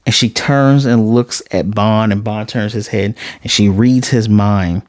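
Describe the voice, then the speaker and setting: Animated male anime reviewer, dry sound. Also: on the low side, unhurried, no echo. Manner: animated, jumps into quoted character voices. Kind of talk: casual episode recap.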